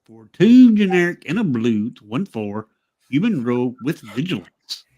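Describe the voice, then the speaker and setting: A man's voice: medium pitch, normal speed. A man with a Southern US accent reading aloud as a co-host in a casual podcast chat. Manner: reads aloud with a lively voice.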